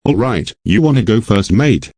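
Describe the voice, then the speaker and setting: A man's voice: on the low side, expressive, normal speed, darkish tone, no echo. A synthetic text-to-speech male voice co-hosting a casual podcast chat. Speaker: podcast co-host.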